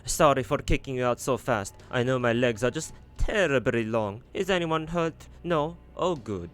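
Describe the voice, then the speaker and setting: A man's voice: medium pitch, animated, moderate pace, fairly bright tone, soft background music, pitched above the performer's own voice, natural voice. A man voicing a campy, flamboyant, cheerful man with a put-on Italian accent that drifts toward Russian, reading game dialogue aloud. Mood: teasing.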